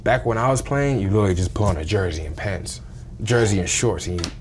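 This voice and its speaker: A man's voice: lowish voice, lively intonation, quick pace, background noise. A man with an English accent, a guest chatting casually in an interview, laid-back and chuckling. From England. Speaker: guest, football player.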